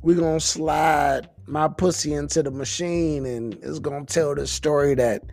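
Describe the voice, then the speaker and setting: A man's voice: on the high side, steady tone, measured pace, creaky, darkish tone, faint music behind. A man hosting a casual, rambling monologue, a little intoxicated, talking in a profane, laid-back way. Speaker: podcast host.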